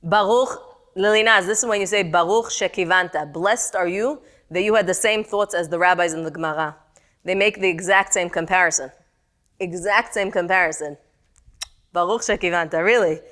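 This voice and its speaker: Animated woman teaching a class. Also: mid-range voice. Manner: animated, asks the class questions. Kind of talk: text-study class.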